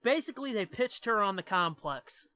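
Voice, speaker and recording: High, bright-voiced man chatting casually. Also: lively intonation, moderate pace. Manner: laid-back, swears freely, laughs easily. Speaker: podcast co-host. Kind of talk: casual comic-book review chat.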